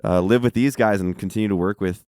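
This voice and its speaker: Profane storytelling man, smooth low voice. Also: quick pace, a little mellow, dry recording, clean studio sound. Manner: profane storytelling, laughs often. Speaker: podcast co-host. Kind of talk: casual chat.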